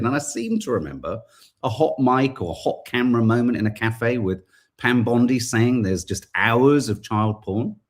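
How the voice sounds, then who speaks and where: Husky-voiced male podcast host, mid-pitched, impassioned and indignant, occasionally profane. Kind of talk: political commentary podcast.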